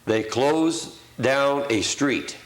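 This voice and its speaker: A man's voice: mid-range voice, extremely slow. Older guy, auctioneer, plain talk lots of uhs, kinda echoey room. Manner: plain-spoken storyteller, frequent hesitations. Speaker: auctioneer, interviewee. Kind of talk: recollecting in conversation. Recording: roomy echo.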